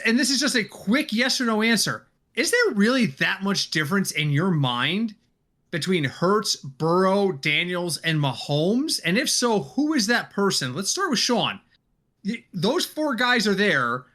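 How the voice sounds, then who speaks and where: Male podcast host, animated and bright, chatty casual delivery. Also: high-pitched. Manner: animated, leads the discussion with questions. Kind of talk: casual fantasy football chat.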